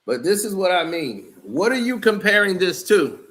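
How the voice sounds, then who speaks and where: High-voiced blunt man ranting in an echoey room. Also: moderate pace. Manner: blunt, animated, scornful, laughs often. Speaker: album reviewer. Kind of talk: casual music review rant.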